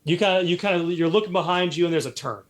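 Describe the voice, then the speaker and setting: A man's voice: high voice, quick pace, a bit bright. Man running a casual tabletop game. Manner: loose, filler-heavy narration. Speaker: game master. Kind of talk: narrating a tabletop role-playing game.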